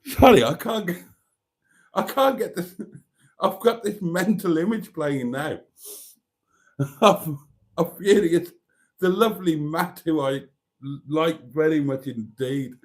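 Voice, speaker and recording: A middle-aged man with a fairly high, lively voice hosts a casual livestream chat, reading out viewer comments. He talks slowly, pauses often, and keeps breaking into giggly laughter.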